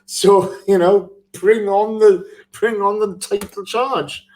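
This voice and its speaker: A man's voice: high-pitched, fairly even intonation, slow, darkish tone, slight background noise. Chatty man hosting a podcast. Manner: chatty, laughs often, reads out listener messages. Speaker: podcast host. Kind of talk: casual live football podcast chat.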